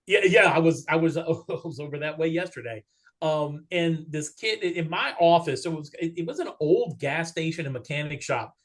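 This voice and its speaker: A man telling workplace stories in a casual interview, acting out the dialogue as he goes. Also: fairly high pitch. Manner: animated storyteller who acts out quoted dialogue. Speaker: guest, regional vice president of an auto parts chain.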